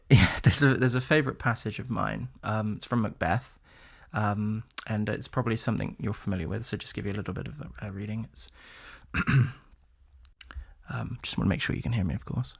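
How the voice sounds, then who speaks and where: A man's voice: lowish voice, brisk, vocal fry, slightly rough, no echo, studio quality. A man with a West Country accent, a guest speaking politely and nervously and reciting verse. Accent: West Country English. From West Country, England. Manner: nervous, polite, laughs often. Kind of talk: casual chat and dramatic recitation.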